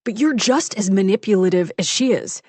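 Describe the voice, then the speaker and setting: A woman's voice: medium pitch, animated, fairly quick, a little mellow, dry recording, close to an everyday voice. A woman voicing a pushy, resentful young man who talks scornfully and demands answers, in an audiobook. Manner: demanding and scornful, then pleading. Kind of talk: audiobook character reading.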